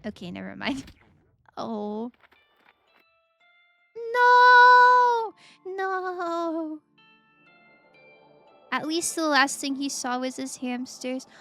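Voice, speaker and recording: A woman's voice: sits high, animated, moderate pace, creaky, bright, forceful tone. A woman streaming a video game who chats emotionally and giggles often. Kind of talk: let's play commentary. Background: faint game music.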